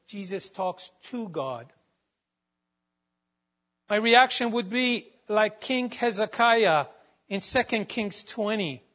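A man giving a devotional Bible teaching, reading out verses with their references in a measured way. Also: sits high, fairly bright tone.

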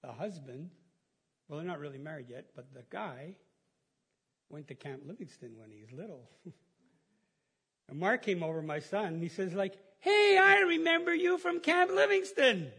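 A middle-aged man giving a casual, folksy sermon as a pastor, chatty and quick to laugh at his own stories. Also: a little high, animated, breathy edge.

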